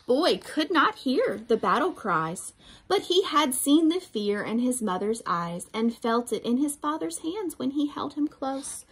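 Slow, animated woman reading a picture book. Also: a little high, slightly rough. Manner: slow, expressive, asks children questions. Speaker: teacher reading to children.

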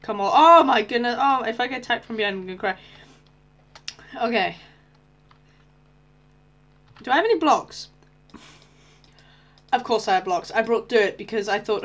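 A teenage girl giving casual, excitable commentary on her Minecraft gameplay, often squealing and shouting with delight. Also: a little high, normal speed, pauses often, lo-fi sound. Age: teens. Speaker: Minecraft YouTuber.

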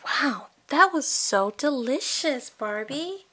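A woman's voice: sits high, lively intonation, takes it slowly, sharp tone, exaggerated voice. A woman voicing a sweet, gushing young woman doll who is visiting her best friend, in a toy play video.

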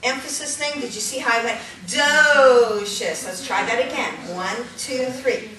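A woman's voice: fairly high pitch, unhurried, over a noisy crowd. Upbeat woman teaching in an echoey hall. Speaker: puppetry instructor. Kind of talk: hands-on workshop teaching. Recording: echoey room from a distance, noisy.

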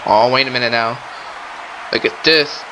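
A young man doing excitable play-by-play wrestling commentary, often exclaiming and addressing the audience. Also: medium pitch, normal speed, noisy background. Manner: excitable, keeps exclaiming and saying ladies and gentlemen.

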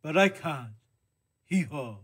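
A man's voice: fairly high pitch, animated, slow, a bit bright, breathy edge, exaggerated voice. A man voicing a glum, earnest male donkey puppet for a children's church segment, breaking his sentences with hee-haw brays. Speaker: kids' time puppet character.

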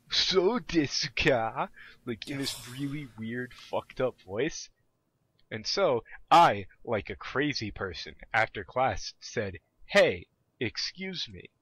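A young adult man telling stories in casual chat, animated and full of profanity. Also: fairly low pitch, breathy edge. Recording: dull lo-fi audio.

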